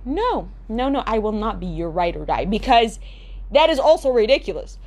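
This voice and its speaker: Young woman vlogger, high voice, sarcastic and profane comedic rant. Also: big pitch swings, moderate pace, darkish tone.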